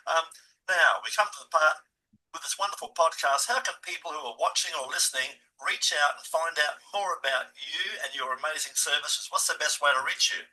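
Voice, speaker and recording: A man in his seventies with a bright, forceful voice, animated and chatty. He hosts a podcast interview and keeps calling his audience guys. He sits a little back from the mic, with a slightly higher pitch than most men. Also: brisk, recorded from a distance, low-quality recording. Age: 70s. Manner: animated storyteller, addresses listeners as guys. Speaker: podcast host. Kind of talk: casual interview chat.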